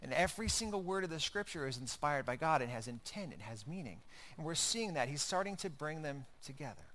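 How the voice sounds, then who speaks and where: A man's voice: a little high, animated, fairly quick, fairly bright tone. A man preaching a sermon in a conversational style, building emphasis through repeated phrases. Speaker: pastor.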